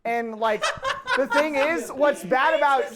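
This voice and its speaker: A man's voice: very high-pitched, unhurried, over a noisy crowd. A man in his twenties, a former Marine co-hosting a podcast, telling a story between bursts of laughter. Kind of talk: casual podcast chat.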